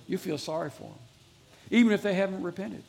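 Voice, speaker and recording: A man's voice: sits high, a little fast, creaky, darkish tone. A man preaching a sermon as pastor to a live congregation, earnestly repeating his exhortations.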